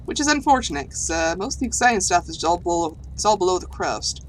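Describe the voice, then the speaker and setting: A woman's voice: fairly low pitch, animated, quick pace, slight background noise, lightly acted. A woman doing a nervous alien archaeologist with a drawl. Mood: amazed. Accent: put-on southern US. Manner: earnest, rambling, easily amazed. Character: timid, curious alien archaeologist, afraid of space. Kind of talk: reading game dialogue aloud.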